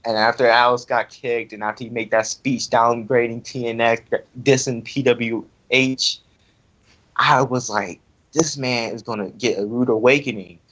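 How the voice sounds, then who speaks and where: A man's voice: mid-range voice, fairly bright tone. A young man ranting angrily in casual talk, repeating himself as he vents about an online wrestling event. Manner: angry, repetitive, ranting. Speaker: online wrestling league member. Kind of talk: heated casual rant. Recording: dull lo-fi audio.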